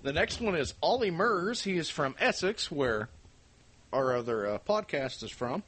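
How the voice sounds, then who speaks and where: An American man co-hosting a casual podcast, lively and laughing as he tries to do impressions of singers. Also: fairly high pitch, a little slow, husky. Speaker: podcast co-host.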